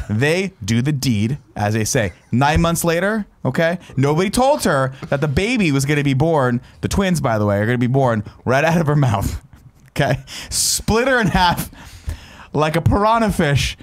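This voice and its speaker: A man's voice: mid-range voice, sing-song, normal speed. A man improvising a rambling comic story at a panel table, laughing through his jokes. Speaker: podcast panelist.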